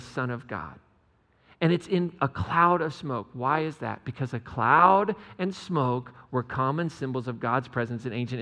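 A man's voice: medium pitch, bright, forceful tone, in a large hall. A man preaching a conversational sermon, joking with the congregation in chatty asides. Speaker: pastor.

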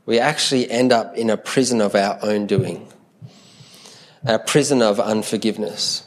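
A man's voice: on the low side, moderate pace. A man preaching a sermon in an earnest, conversational way, often repeating words as he thinks aloud.

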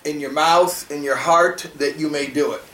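A man's voice: fairly high pitch, steady tone, moderate pace, fairly bright tone, reverberant, far from the mic, a little hiss or hum, poor audio. A man teaching a classroom lesson on a religious text, talking conversationally and asking his students rhetorical questions.

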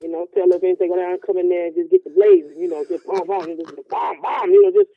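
A man's voice: sits high, little pitch movement, fast talker. A man chatting casually as a podcast guest, joking and rambling, with lots of "you know" and "man". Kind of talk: casual chat. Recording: tinny phone line.

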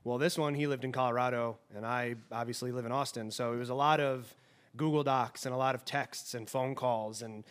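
A musician and producer chatting in an interview, talkative and thoughtful. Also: male voice, mid-range voice, steady tone, brisk. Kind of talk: casual interview chat.

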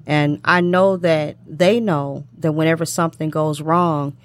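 A low-pitched middle-aged woman hosts a talk show in an unhurried, heartfelt way. She repeats her phrases and fills the gaps with "you know" and "um". The sound is dry and close. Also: steady tone, dry recording. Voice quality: emotional, tongue-tied at times. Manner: warm repetitive speech with many fillers. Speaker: show host.

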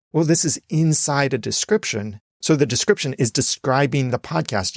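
Gravelly male podcasting coach, dry close sound, deliberate instructional delivery. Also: medium pitch, no echo. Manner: explains in numbered tips, slows to stress phrases. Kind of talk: instructional talk.

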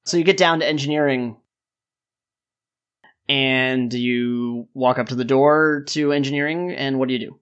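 A man running a tabletop role-play game as game master, relaxed and joking, with loose rambling narration. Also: mid-range voice, a little slow, clear, resonant tone. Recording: dull, lo-fi mic.

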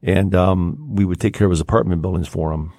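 An older man tells a story in his own rambling way, with plenty of ums and restarts. His voice sits very low and sounds warm and relaxed. The recording is dry and close, with no room sound. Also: brisk, creaky, no room sound. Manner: rambling, many fillers and restarts. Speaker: podcast guest. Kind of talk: casual storytelling.

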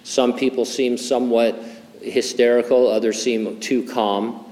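A man's voice: mid-range voice, flat delivery, a little slow, darkish tone, in a large hall. An older male pastor preaching a conversational sermon, full of fillers, restarts and wry humor. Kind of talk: sermon with Bible teaching.

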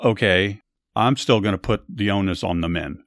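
Man, podcast host, Bible story narration and commentary, measured, earnest, low voice, dry close sound. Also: no room sound.

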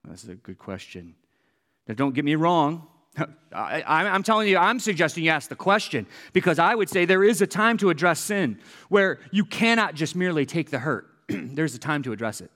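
A man's voice: on the high side, animated, moderate pace, fairly bright tone, big-room sound. A man preaching a sermon as pastor, earnest, repeating key phrases for emphasis, with wry asides.

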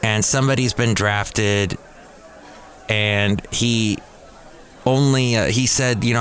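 A man's voice: fairly low pitch, steady tone, slow, pauses often, fairly bright tone. A man hosting a podcast in a casual monologue who rambles and corrects himself aloud. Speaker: podcast host.

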